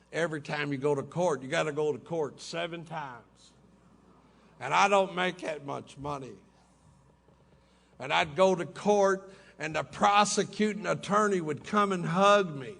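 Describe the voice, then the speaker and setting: In a hotel conference room, a middle-aged man gives a folksy personal testimony to a recovery meeting, laughing through little asides. His pitch is fairly high, a bit bright, with vocal fry.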